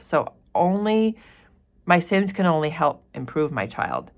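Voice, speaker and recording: A woman with a notably low, deep voice walks through a novel passage by passage. She paraphrases in casual, everyday terms and often says "like" and "so". It sounds like an informal literature lesson. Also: big pitch swings, a little slow. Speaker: literature teacher. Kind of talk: annotated read-aloud of a novel.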